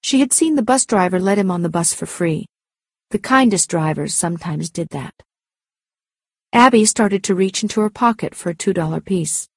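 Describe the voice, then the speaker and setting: A woman narrating a story aloud in a clear, measured storytelling manner. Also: on the low side, expressive, no room sound, studio quality. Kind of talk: scripted audiobook narration.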